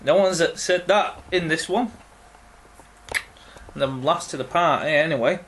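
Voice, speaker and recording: A young man answers questions from his viewers in a loose, unscripted vlog. He speaks slowly, with frequent ums and restarts. His voice sits a little on the high side. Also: a bit bright, slight background noise. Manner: slow, halting, many ums and pauses. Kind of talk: casual Q&A vlog.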